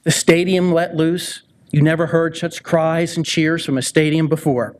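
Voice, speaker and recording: A man giving a ceremony speech, telling a dramatic story with many pauses before introducing his father. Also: little pitch movement. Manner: dramatic, pausing storyteller with swings in pitch. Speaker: son introducing a hall of fame inductee. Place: ceremony hall.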